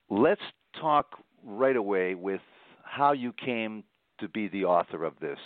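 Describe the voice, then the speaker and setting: A man with a lowish voice hosts an interview, speaking in a measured, formal way. The sound is thin and phone-like, and it is dry, with no room echo. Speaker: radio show host. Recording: tinny phone-like line, dry.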